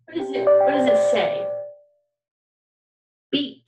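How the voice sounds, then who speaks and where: Slow-spoken woman teaching kindergarten music. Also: high-pitched, very animated, reverberant, far from the mic, low-quality recording. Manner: slow, patient and encouraging, asking questions and singing examples. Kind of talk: recorded online music lesson for young children.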